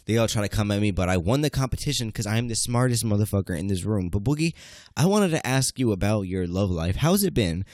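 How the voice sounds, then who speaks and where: A man's voice: lowish voice, expressive, quick pace, a little mellow, dry recording, clean studio sound. A man hosting a podcast, teasing his co-hosts in casual, profane banter, a bit tipsy. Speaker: podcast host.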